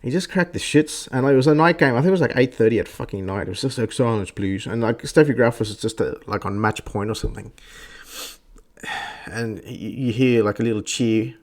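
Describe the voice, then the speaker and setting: A man's voice: mid-range voice, fairly quick. A young Australian man ranting crudely and sarcastically on a casual podcast, cutting in with mocking voices. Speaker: podcast host. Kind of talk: casual rant.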